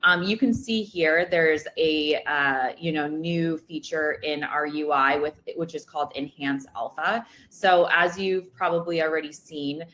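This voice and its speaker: Woman with a deep voice running a webinar demo, lots of ums. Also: a little slow, hardly any pauses, fairly bright tone. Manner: casual, many ums and uhs. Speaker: webinar presenter.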